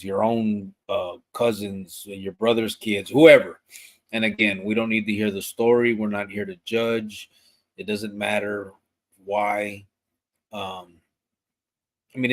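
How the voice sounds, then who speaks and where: A man with a fairly low voice hosts a live podcast. He reads viewer comments aloud and talks in a relaxed, rambling way, stopping and restarting as he goes. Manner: relaxed, loose, with fillers and restarts. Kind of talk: casual live-stream chat.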